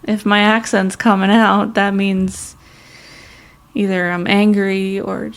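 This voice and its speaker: A young woman from Long Island with a mild Long Island accent, co-hosting a podcast in casual chat, blunt and quick to laugh. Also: mid-range voice, flat delivery. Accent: Long Island, New York (mild). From Long Island, New York. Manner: laughs often, chatty and blunt. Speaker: podcast co-host.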